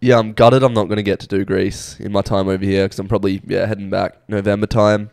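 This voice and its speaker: A young Australian man co-hosts a podcast, telling rambling stories in a relaxed, casual manner packed with fillers. His fairly low voice is creaky and a little mellow, with a level tone and fast delivery. No room sound is present.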